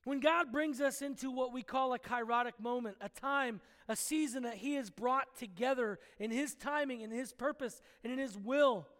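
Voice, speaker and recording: A man's voice: extremely high pitch, fairly bright tone, in a large hall. A man preaching a sermon in an emphatic, conversational way, asking his listeners questions directly.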